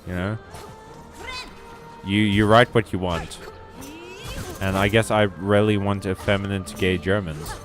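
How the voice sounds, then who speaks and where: A man's voice: deep voice, steady tone, a little slow, long pauses, faint music behind. A man streaming a video game, chatting casually in a rambling, joking way with some swearing. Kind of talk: casual gaming stream chat.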